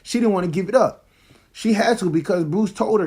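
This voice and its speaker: Excited slangy man, fairly high voice. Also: a little fast, husky. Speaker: movie reviewer. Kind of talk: casual spoiler review.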